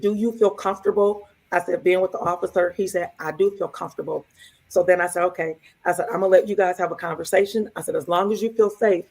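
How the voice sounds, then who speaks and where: A woman's voice: lowish voice, darkish tone. A woman co-hosting a podcast, telling a personal story casually and quoting the dialogue as she goes. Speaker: podcast co-host.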